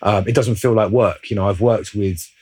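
A man's voice: on the low side, steady tone, moderate pace, a little mellow, slightly rough, no echo, low-quality recording. A man, an actor leading a casual interview, who speaks in a thoughtful, reflective way and sometimes searches for his words.

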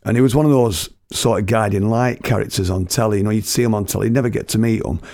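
A man's voice: on the low side, steady tone, fast, a little mellow, no room sound, studio quality. A middle-aged man from Britain telling rambling, chatty anecdotes, laughing at his own stories and using slang. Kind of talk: casual storytelling.

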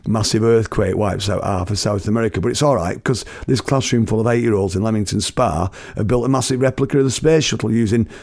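A man's voice: fairly low pitch, fast talker, few pauses, darkish tone, dry recording, studio quality. A middle-aged man from Britain telling rambling, chatty anecdotes, laughing at his own stories and using slang. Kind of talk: casual storytelling.

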